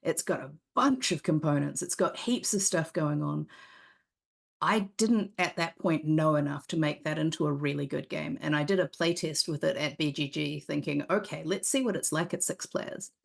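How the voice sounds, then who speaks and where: Guest read: woman game designer, low and gravelly, candid rambling chat. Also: normal speed. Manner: candid, rambling storyteller with many restarts. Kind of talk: casual interview chat. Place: live convention stream set.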